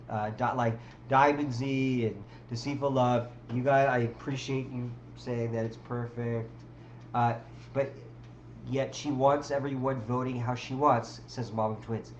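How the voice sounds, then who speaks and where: Woman, livestream host, casual rant, rambling, slow delivery, roomy webcam sound. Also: extremely low pitch. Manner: rambling, many restarts and fillers, talks to chat. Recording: roomy with faint background hum.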